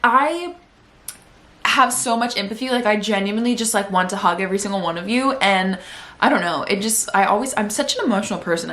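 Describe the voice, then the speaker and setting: Speaking in a mid-range, slightly bright voice, this young woman vlogs casually from home about her day, with a little background noise. She's a vlogger and podcaster, and her day-in-my-life talk is chatty, emotional, and full of "like."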